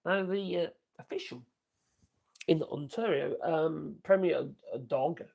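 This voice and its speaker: A man's voice: fairly high pitch, unhurried, creaky, darkish tone. An older man, hosting a casual political commentary livestream and rambling chattily with asides. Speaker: livestream host.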